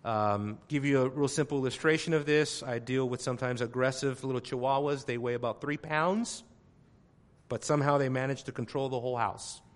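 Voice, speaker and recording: A man preaching a sermon to his congregation. He talks emphatically, repeats phrases to drive his point home, and swings from quiet asides to loud exclamations. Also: medium pitch, steady tone, fairly quick.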